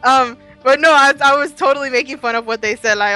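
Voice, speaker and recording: A young woman co-hosting a podcast, chatting casually about a TV episode, swearing freely and throwing in quick asides. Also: sits high, pushed and bright, clean tone, faint music behind, poor audio. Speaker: podcast co-host. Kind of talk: casual chat.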